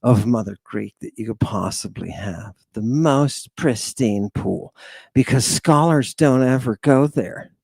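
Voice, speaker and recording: A man hosting a lecture in a dramatic, rambling style, calling out "people" again and again. He talks slowly and draws out his points. The sound is close and dry, with no room echo. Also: medium pitch, creaky, darkish tone. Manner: dramatic, rambling, keeps addressing the audience as "people". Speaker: lecture host. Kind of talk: theatrical livestream lecture.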